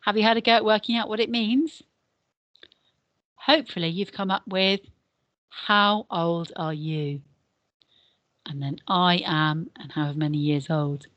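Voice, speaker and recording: A woman's voice: mid-range voice, normal speed, dry recording, highs cut off. An English woman teaching a beginner Spanish lesson, patiently drilling words and numbers. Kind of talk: recorded classroom lesson.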